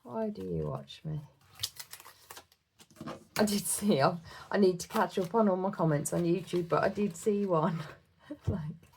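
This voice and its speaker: A British woman vlogs in a casual, giggly ramble, counting numbers aloud under her breath. Her voice sits a little low with a gravelly fry. Noise and clicks sit behind her voice. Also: a little slow, pauses often, darkish tone. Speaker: budgeting vlogger. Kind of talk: casual chat while cash stuffing.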